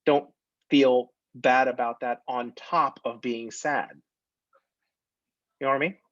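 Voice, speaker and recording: A male math instructor teaches a recorded lecture in a casual, digressive way, joking as he goes. His voice sits in a middle pitch. The recording is dry and a little dull, with no room sound. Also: no room sound. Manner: conversational, digressive, jokey.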